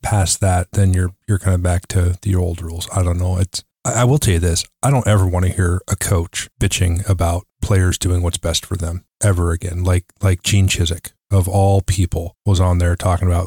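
A man's voice: low voice, level tone, normal speed, hardly any pauses, dark tone, no echo, studio quality. A man co-hosting a casual sports podcast, blunt and opinionated. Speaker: podcast co-host.

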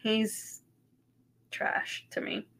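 A woman's voice: drawn-out words, fairly bright tone. A woman in her thirties co-hosting a casual podcast, chatty, full of ums and casual swearing. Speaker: podcast co-host. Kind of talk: casual chat recap.

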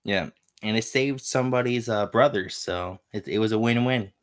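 A man's voice: on the low side, moderate pace. A man co-hosting a casual gaming podcast, laid-back and hesitant, full of fillers as he recounts his play. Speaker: podcast co-host.

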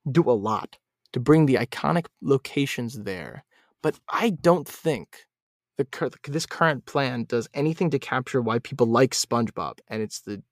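A man talking as a podcast guest in casual chat, opinionated and animated, often laughing between points. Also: medium pitch, dry recording, clean studio sound.

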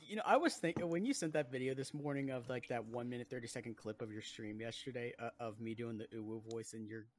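A young man co-hosting a casual gaming podcast, swearing freely and laughing loudly as he rants. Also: mid-range voice, fast. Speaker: podcast co-host.

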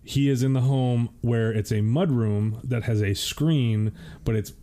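A man co-hosting a podcast, casually retelling a tense story with wry, dark humor. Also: mid-range voice, a little slow. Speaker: podcast co-host.

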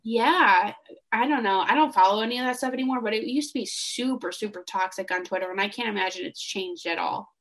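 A young woman co-hosting a casual fan podcast, animated and gushing, laughing often. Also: mid-range voice, brisk. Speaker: podcast co-host.

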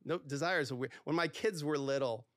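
A man, a divorce lawyer, talking candidly as a podcast guest, animated and acting out the dialogue in his stories, with lots of "like". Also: a little high, a little fast, dry recording, clean studio sound. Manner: animated storyteller who acts out quoted dialogue, heavy use of "like".

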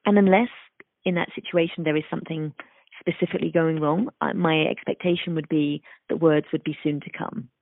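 Speech therapist guest, woman, gravelly edge, explains patiently, tinny dry call line. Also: deep voice, steady tone, a little fast, no echo. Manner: thoughtful, acts out examples in sing-song voices. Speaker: speech-language pathologist guest. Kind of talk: explanatory interview talk. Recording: dry, phone-like remote call audio.

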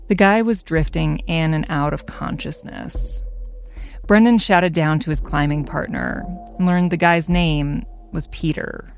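Gravelly-voiced narrator over soft music. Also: medium pitch, unhurried. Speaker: podcast host and narrator. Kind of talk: scripted narration.

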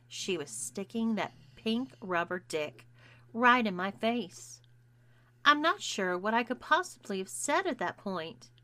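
A woman narrating a first-person story in a measured, intimate reading. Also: fairly high pitch, sharp tone, no room sound. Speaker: audiobook narrator.

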